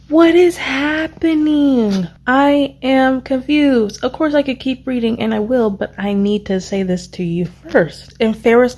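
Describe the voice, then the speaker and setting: A young woman vlogging about a book she just read, rambling and excitable, stopping to search for words. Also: mid-range voice. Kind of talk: casual reading vlog recap.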